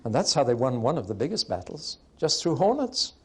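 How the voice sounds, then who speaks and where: Male preacher, mid-pitched voice, emphatic and wry, delivers a sermon to a hall audience. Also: very animated, a little fast, slightly rough.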